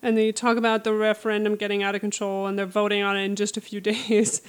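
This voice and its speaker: Woman, co-host, casual chat, animated storytelling, smooth clear voice. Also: mid-range voice, fast talker. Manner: animated storytelling, acts out lines in quotes. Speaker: podcast co-host recapping a book.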